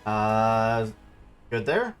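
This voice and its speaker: Male game master for a streamed tabletop game, relaxed narration, faint background music. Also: fairly low pitch, extremely slow, clear, resonant tone.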